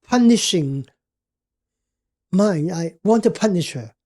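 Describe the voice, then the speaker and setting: An older man as a podcast guest, telling a personal story in a halting way, searching for words. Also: high voice, lively intonation, a little mellow.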